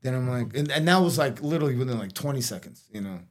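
A fast-talking middle-aged man with an animated mid-range voice appears as a guest, chatting through a casual story. He rambles with plenty of "like" and "you know" and restarts, coughing slightly now and then.

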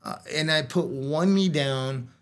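A man's voice: a little high, a little slow. A middle-aged man telling a long story in casual chat, rambling with many "like"s and restarts, with a cough now and then. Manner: rambling, lots of "like" and "you know", restarts.

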